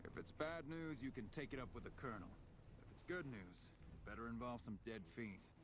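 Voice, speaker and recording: An actor playing a gruff, hard-bitten army officer who talks bluntly and swears freely. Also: male voice, medium pitch, expressive, brisk, background noise, lightly acted. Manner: blunt, profane, clipped. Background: game music.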